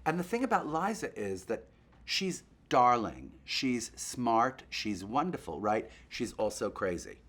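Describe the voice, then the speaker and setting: Male host, gossipy and playful, lively swoops in pitch, mid-pitched voice. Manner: animated, chatty, breaks into quick impressions. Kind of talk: gossipy comic monologue to a puppet.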